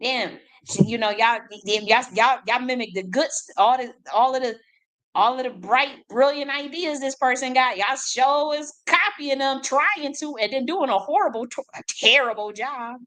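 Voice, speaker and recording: A woman's voice: high-pitched, a bit bright, poor audio. Profane ranting woman. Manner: blunt, profane, combative, rapid repetitions. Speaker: independent artist. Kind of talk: ranting monologue.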